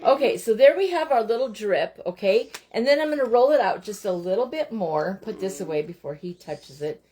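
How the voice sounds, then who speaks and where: A woman's voice: mid-range voice, expressive, a little fast, warm tone, a little hiss or hum. Chatty woman hosting a home craft stream. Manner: chatty, talks straight to viewers, breaks off to tell her children what to do. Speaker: host of a live crafting stream. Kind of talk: casual chat while crafting.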